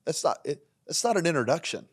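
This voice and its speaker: A man, a pastor hosting a leadership podcast, teaching in a sermon style, driving points home with repetition and dropping into quieter asides. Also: fairly high pitch, sing-song, fast, husky. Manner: emphatic and repetitive, swinging between punchy lines and quiet asides.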